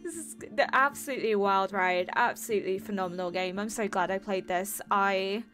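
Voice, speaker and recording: A woman's voice: mid-range voice, moderate pace, music in the background. A woman gaming streamer reacting to a game's ending, emotional and rambling, with lots of fillers.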